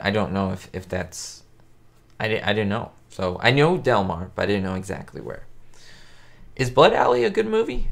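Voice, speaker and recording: Casual male live-stream host, lowish voice, loose and rambling delivery for a facecam chat. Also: a bit bright. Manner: rambling and chatty, many fillers and restarts.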